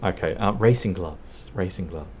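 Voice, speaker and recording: A man's voice: sits low, normal speed, darkish tone, a little hiss or hum. An Australian man casually commenting on his gameplay in a rambling, laid-back way, swearing and laughing now and then. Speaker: streamer.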